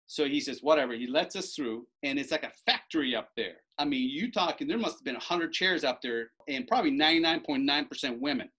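Lively man telling a story, bright voice. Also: medium pitch, a little fast, few pauses, breathy edge. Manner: animated, acts out quoted lines with raised voice. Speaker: storyteller recounting a bet. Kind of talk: casual anecdote told to an audience.

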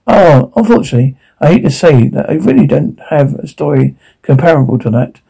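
A man's voice: fairly high pitch, sing-song, brisk, gravelly, warm tone, husky, full character voice, rough recording. An actor playing an awkward, bashful young man who rambles and stops to correct himself. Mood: sheepish. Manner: rambling, self-interrupting. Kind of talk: naturalistic screen acting.

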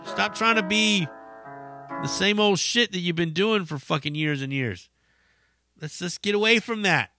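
Profane, animated man ranting on a podcast. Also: sits high, normal speed, no room sound, clean studio sound, soft background music. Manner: rambling with many fillers. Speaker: podcast host. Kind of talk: casual solo podcast rant.

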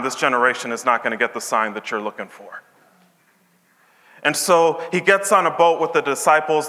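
Bright-voiced man teaching scripture casually. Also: on the high side. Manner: retells scripture in casual modern slang, acting out the characters' lines. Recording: long hall reverb.

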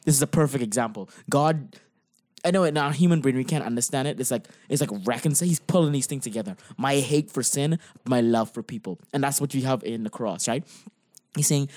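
A man's voice: medium pitch, fairly quick, a little mellow, no echo, clean studio sound. A man who preaches, talking through his faith in a casual discussion, earnest and impassioned, pressing his points with emphasis.

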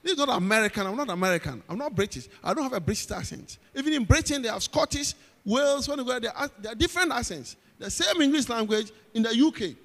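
A man's voice: very high voice, lively intonation, quick pace, fairly bright tone. A man preaching a sermon with a Ghanaian accent, emphatic, repeating phrases and calling out to the congregation. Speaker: pastor. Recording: long hall reverb.

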